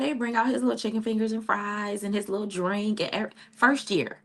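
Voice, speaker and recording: A woman's voice: medium pitch, normal speed, few pauses. A middle-aged woman hosting a casual livestream, chatting with her viewers and calling them "child" and "honey". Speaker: livestream host.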